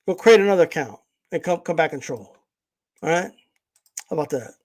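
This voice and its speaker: A man's voice: on the high side, animated, a little fast, pauses often, darkish tone. A man hosting a boxing channel livestream, ranting in a blunt, profane, confrontational way. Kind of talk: livestream rant.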